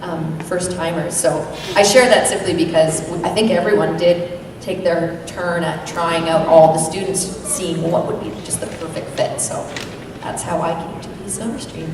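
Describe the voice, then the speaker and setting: A woman's voice: fairly even intonation, moderate pace. A woman voice actor thoughtfully recalling her work on a convention panel, a little hesitant. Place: large convention hall. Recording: echoey hall from far off with rumble.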